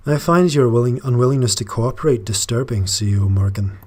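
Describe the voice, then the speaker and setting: In a put-on Scottish accent, a man reads game dialogue for a proud, formal woman leader, using measured diplomatic phrasing. His natural voice is medium-pitched with a darkish tone, and the mood is formal and stern.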